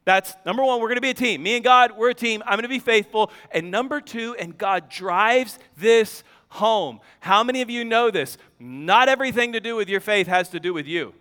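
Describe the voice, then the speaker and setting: A man's voice: high voice, normal speed, hardly any pauses, smooth. A man in his thirties preaching a sermon, telling a funny family story with laughs and acted-out voices. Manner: animated storyteller, acts out voices, laughs often. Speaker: pastor. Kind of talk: sermon with comic personal story. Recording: long hall reverb.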